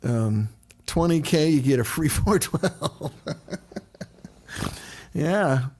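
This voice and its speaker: A man's voice: fairly high pitch, animated, drawn-out words, a little mellow. A middle-aged man hosting a casual livestream, chatting loosely and greeting viewers by name as he answers their questions.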